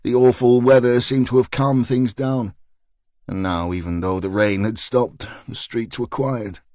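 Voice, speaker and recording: A man narrating a mystery thriller audiobook in a steady, measured reading. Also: medium pitch, no room sound, studio quality. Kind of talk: scripted narration.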